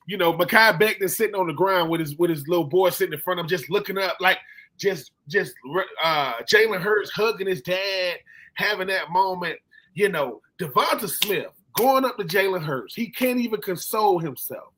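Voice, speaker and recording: A man hosting a casual sports chat, telling animated stories and acting out quotes in slangy talk. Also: high voice, moderate pace. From Philadelphia. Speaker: podcast host.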